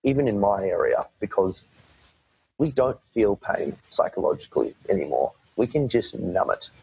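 A man's voice: lowish voice, very animated, normal speed, creaky, darkish tone, slightly rough, no echo, low-quality recording. A man talking as a podcast guest in a casual, rambling way, often restarting his sentences and swearing now and then. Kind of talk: casual conversation.

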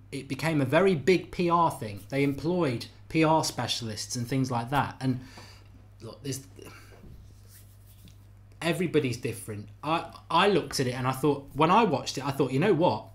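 A middle-aged man hosting a live podcast debate, talking animatedly and repeating phrases for emphasis while reading out viewer comments. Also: a little high. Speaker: podcast host.

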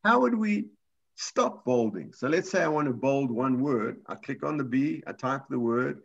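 A man leads a live computer class at a normal speed, patiently walking through each step and frequently restarting his sentences. His gravelly, slightly husky voice sits at an ordinary pitch. The audio is dull and lo-fi, typical of an online class.

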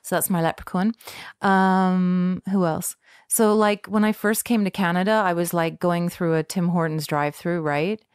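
A woman guest performer chatting casually in an interview, animated and playful. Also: fairly low pitch, normal speed, smooth, no echo, studio quality. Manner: animated, playful, breaks into character voices.

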